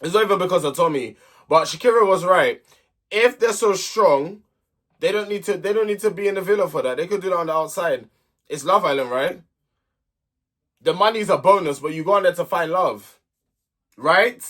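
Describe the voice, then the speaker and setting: Young man, recap vlogger, blunt and exasperated, slightly higher voice, bright tone. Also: expressive, normal speed, long pauses. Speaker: host of a reality TV recap channel. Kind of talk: casual opinionated recap commentary.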